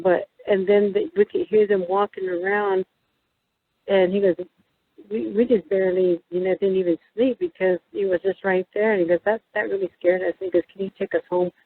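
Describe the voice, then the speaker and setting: A woman's voice: medium pitch, slightly rough, dry recording. A woman from New Mexico telling a story as a guest, rambling and hesitant with many ums and restarts. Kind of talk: casual storytelling in an interview. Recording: tinny phone-line sound, dry.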